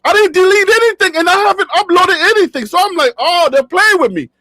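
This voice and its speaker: A man's voice: very high-pitched, expressive, fairly quick, pushed and bright, dry recording. A man vlogging for his sports channel, talking casually and animatedly to his viewers, joking, laughing often and repeating himself as he vents. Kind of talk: casual talk to camera. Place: his own studio.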